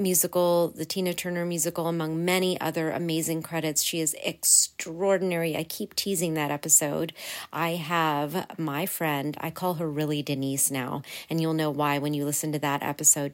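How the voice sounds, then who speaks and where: Chatty woman podcast host, low voice. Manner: chatty and earnest, with frequent fillers and laughs. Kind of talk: casual solo podcast talk.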